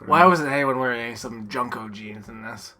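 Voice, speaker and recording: A man's voice: medium pitch, brisk, bright, forceful tone. A young man co-hosting a podcast, sardonic and swearing casually, slipping into mocking voices. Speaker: podcast co-host. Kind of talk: casual chat.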